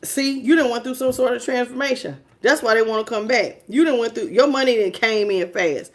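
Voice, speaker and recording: A woman's voice: fairly high pitch, fairly quick. A woman doing a tarot reading to camera, sassy and emphatic, often laughing as she talks. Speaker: tarot reader.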